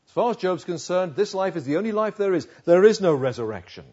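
A man's voice: high-pitched, lively intonation, quick pace, warm tone, slightly rough, dull audio. A man preaching a sermon, reading scripture verses aloud and then explaining them in a conversational way.

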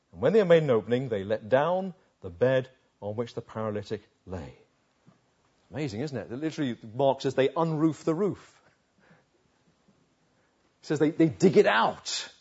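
A man's voice: mid-range voice, darkish tone, breathy edge, dull audio. A man preaching a sermon on a Bible passage, retelling it vividly and asking the listeners rhetorical questions.

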